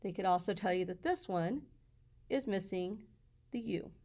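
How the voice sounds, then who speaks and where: A woman teacher walking through her classroom slides in a patient, explanatory way, sounding out words slowly. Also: mid-range voice, warm tone.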